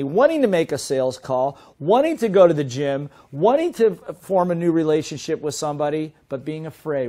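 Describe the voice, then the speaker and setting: A middle-aged man teaching a sales seminar in a lively way, often asking his listeners questions. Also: a little high, moderate pace. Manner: lively, asks the audience questions. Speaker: sales trainer.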